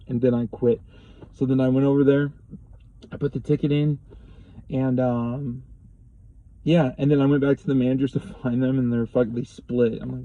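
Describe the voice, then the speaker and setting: A young man casually telling a personal story to the camera, profane and rambling, getting animated when he quotes people. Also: medium pitch, a little fast, dry recording, dull audio. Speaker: vlogger.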